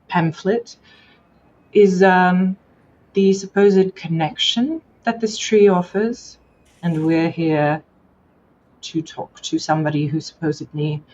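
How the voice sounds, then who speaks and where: A woman player thinks aloud as she plays a tabletop game. Her voice sits fairly low, and the recording sounds dull and muffled. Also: a little mellow, a little hiss or hum.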